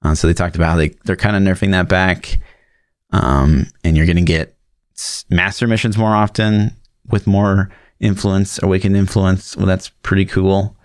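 A man's voice: deep voice, little pitch movement, normal speed, dry recording, clean studio sound. A man co-hosting a casual gaming podcast, talking bluntly with lots of fillers and swearing. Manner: rambling, filler-heavy, blunt and profane. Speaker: podcast co-host.

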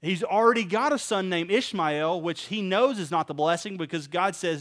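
High-voiced animated male preacher. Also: normal speed. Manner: animated preaching, asks the audience questions; casual wording. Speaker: pastor. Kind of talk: sermon.

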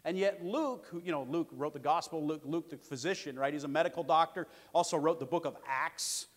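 A man preaching a sermon as pastor, emphatic and repetitive, swinging between loud declarations and quieter asides. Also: on the high side, fairly quick, long reverb tail.

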